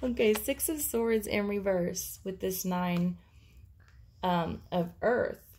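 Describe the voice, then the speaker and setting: A woman's voice: medium pitch, slow, darkish tone, husky. A woman giving an intuitive tarot reading, talking casually and thinking aloud with many fillers. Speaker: tarot reader.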